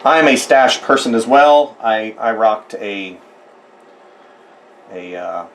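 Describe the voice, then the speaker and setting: A man's voice: on the low side, expressive, takes it slowly, slight background noise, rough recording. A man from the United States narrating a casual drawing tutorial, chatty and rambling with self-deprecating asides. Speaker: art tutor.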